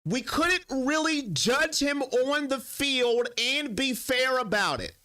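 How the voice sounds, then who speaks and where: Excitable high-voiced male sports streamer. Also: slow. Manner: emotional, talks straight to his chat. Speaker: sports live-stream host. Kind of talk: casual live-stream chat.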